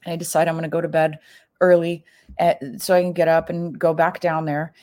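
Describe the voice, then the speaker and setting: A middle-aged woman with a lowish voice recounts a personal story in loose, casual talk. She leans on fillers and jumps up in pitch whenever she acts out what someone said. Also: little pitch movement, a little fast, mellow. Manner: chatty, full of "like" fillers, acts out quoted lines with big pitch jumps.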